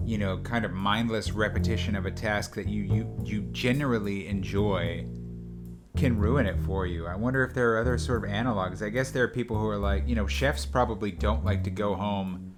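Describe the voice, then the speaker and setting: Animated man chatting at a bar. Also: fairly low pitch, brisk, over music. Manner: animated, acts out film lines and accents. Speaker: co-host. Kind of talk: casual chat.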